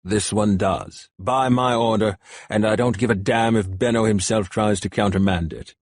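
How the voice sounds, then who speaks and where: A cold, mocking warrior captor with a low, husky voice who drags each word out slowly, as a male narrator plays him. His tone is dry and close, with a quiet menace under the calm. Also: no room sound. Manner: slow, deliberate, mocking.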